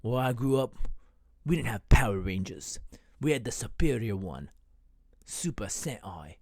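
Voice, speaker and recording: A man's voice: fairly low pitch, animated, unhurried, darkish tone, dry recording. A man voicing a cheeky demon roommate from hell with a put-on British accent, mocking and pushy. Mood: cocky.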